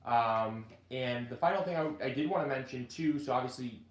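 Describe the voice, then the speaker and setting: Man, casual gardening host, talks in stops and restarts, middling pitch, roomy echo. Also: a little hiss or hum. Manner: chatty, halting restarts, gets choked up reading. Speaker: gardening channel host and author. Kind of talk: casual live video chat.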